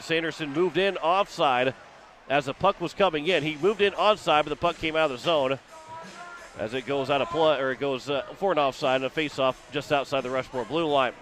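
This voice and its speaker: A man's voice: on the high side, a bit bright, soft background music. A man from Missouri calling hockey play-by-play for radio, rattling off the action and rising as plays build. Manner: rapid running description, rising with the action. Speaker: play-by-play announcer.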